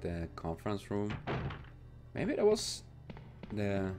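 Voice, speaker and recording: Brief: male gamer, slow cursing commentary with wildly swinging pitch, faint game music underneath. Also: wildly swooping pitch. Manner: exasperated, swears constantly, bursts into loud outbursts. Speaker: gaming channel host. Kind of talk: let's play commentary.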